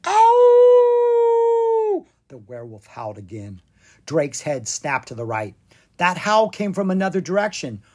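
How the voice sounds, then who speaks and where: An expressive narrator reads a children's fantasy adventure aloud with dramatic flair, slowing down for tense moments. The voice sweeps up and down with lively, animated pitch.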